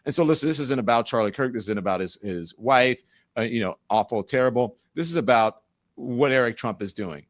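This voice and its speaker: A man's voice: medium pitch, brisk, dry recording. A man hosting a political talk show, speaking casually and wryly with frequent halts. The sound is dry and close. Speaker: host.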